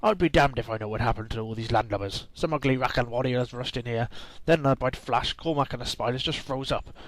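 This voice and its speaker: A man's voice: medium pitch, brisk, no echo, lightly acted, poor audio. A man reading a game's dialogue aloud, voicing a boastful, rum-loving old male pirate with growled "arr"s. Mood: blustering pirate.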